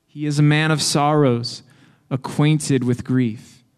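A man leading a responsive scripture reading in church with a measured, steady manner. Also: on the high side. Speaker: worship leader.

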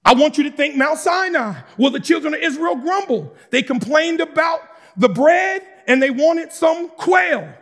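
A man preaching a sermon, moving between calm explanation and fervent shouting with casual asides to the congregation. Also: extremely high pitch, unhurried, hardly any pauses. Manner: shouts and preaches with rising intensity, conversational asides. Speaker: pastor.

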